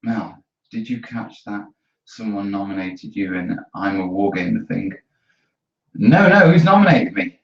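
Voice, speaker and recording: A man's voice: deep voice, animated, normal speed, gravelly. Bloke chatting away to his viewers, echoey workshop, kinda muffled. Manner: chatty, easygoing, talks to viewers while working. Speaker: terrain-building channel host. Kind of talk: casual chat during a live studio stream. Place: hobby workshop studio. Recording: roomy, distant, dull mic.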